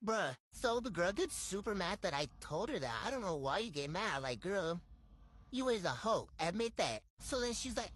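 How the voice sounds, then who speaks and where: A woman's voice: medium pitch, very animated, normal speed, slightly rough, no room sound. A young woman from tells a get-ready-with-me storytime into her phone, blunt, slangy and swearing freely. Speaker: storytime vlogger.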